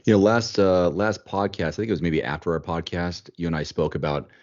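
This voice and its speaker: Podcast host, male, low voice, animated and chatty, dull lo-fi sound. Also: brisk. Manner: animated, thinks aloud, repeats words. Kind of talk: casual chat.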